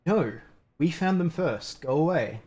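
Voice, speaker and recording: A man's voice: a little high, animated, a little slow, darkish tone, breathy edge, soft background music. A man doing a chummy, lonely forest spirit warrior. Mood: delighted. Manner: overly hospitable, playfully odd.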